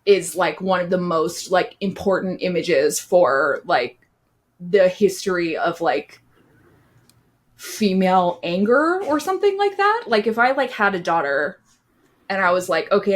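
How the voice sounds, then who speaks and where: A young woman co-hosting a podcast in casual chat, talking loosely with lots of fillers. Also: fairly low pitch. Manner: chatty, many fillers and "like"s. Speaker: podcast co-host.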